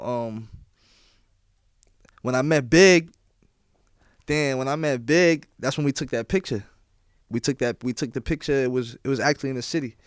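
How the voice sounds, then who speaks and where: A young DJ, appearing as a guest on a podcast, tells stories in casual slang, frequently asking "you feel what I'm saying?". His medium-pitched voice is clear and resonant, recorded in a clean studio with no room sound.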